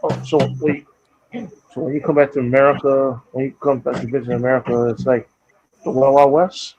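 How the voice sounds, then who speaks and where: A man's voice: medium pitch, little pitch movement, moderate pace, a little hiss or hum. Man on a dull remote line. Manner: brief reactions and short questions. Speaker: interviewer asking questions. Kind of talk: casual chat.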